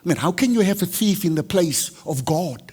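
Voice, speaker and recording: South African preacher in a reverberant hall. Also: male voice, high-pitched, animated, fairly quick, breathy edge. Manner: switches between Afrikaans and English, acts out dialogue loudly. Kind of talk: sermon storytelling.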